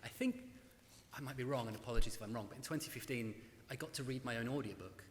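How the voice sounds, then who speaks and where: A British man speaks on stage in a large hall, telling his stories quickly and poking fun at himself with lively energy. His medium-pitched voice rings out with a long reverb. A faint murmur of the room sits behind him. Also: a little hiss or hum. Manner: quick, self-deprecating, animated storytelling. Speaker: guest historian. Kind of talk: on-stage conversation. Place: large hall at a live event.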